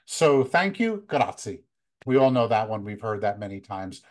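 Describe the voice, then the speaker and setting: An American man in his fifties, a photography workshop leader, giving relaxed, conversational travel tips with many fillers. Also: fairly low pitch, normal speed. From United States. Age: 50s. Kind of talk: casual talk, practical travel tips.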